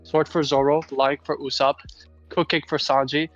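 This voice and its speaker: A man's voice: fairly high pitch, level tone, normal speed, no room sound, dull audio, soft background music. A man on a video call chatting casually as a stream guest, stammering and repeating words. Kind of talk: casual chat.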